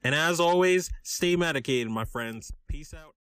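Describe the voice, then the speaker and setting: A man's voice: on the high side, expressive, a bit bright. A man hosting a podcast, reading out support links, codes and contact details. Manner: reads out addresses and codes slowly. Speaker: podcast host. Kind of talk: reading sponsor and support notes.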